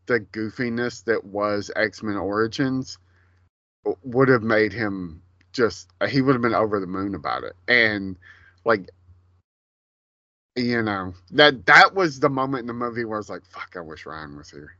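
A man co-hosting a podcast, chatting casually and profanely about a movie, rambling and animated. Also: on the low side, measured pace, no room sound, lo-fi sound. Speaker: podcast co-host.

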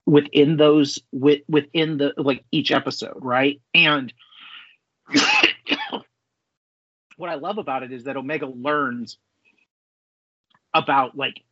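A man co-hosting a casual pop-culture podcast, talking in an animated, rambling way and swearing freely. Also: fairly high pitch, slow pace, long pauses, no room sound. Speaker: podcast co-host. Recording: slightly dull lo-fi sound.

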